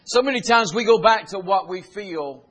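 A high-voiced man preaches a sermon at normal speed, retelling scripture in plain, folksy language. He builds toward loud, rising exhortation.

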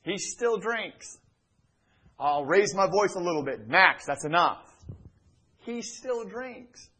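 A middle-aged male pastor preaching a sermon in a church, swinging from loud emphatic lines to hushed near-whispers. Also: high-pitched, animated, slow pace, breathy edge, rough recording. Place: church sanctuary.

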